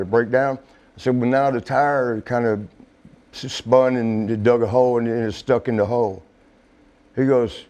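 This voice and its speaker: A middle-aged man telling a casual story, laughing often and swearing, acting out quotes in a higher voice. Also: a little mellow. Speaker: interview guest.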